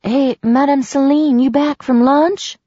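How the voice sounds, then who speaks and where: Woman doing a chirpy young artist girl, higher and louder, dull dry sound. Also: fairly even intonation, brisk, no echo, lightly acted.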